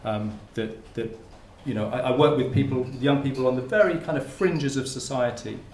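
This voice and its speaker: A man's voice: mid-range voice, normal speed, a little mellow, slight background noise. Guy lecturing at a conference, loose and chatty, keeps restarting sentences, echoey room. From Hertfordshire, England. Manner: informal, with many restarts and fillers. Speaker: university researcher giving a talk. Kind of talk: conference talk. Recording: roomy lecture-room sound.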